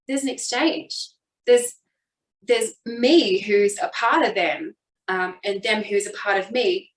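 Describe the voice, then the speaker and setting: A woman's voice: mid-range voice, a bit bright, slight background noise. A woman in her twenties from Australia, a guest telling her personal story openly and reflectively. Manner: open, reflective, with quick bursts when retelling. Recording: echoey room, voice a bit far from the mic.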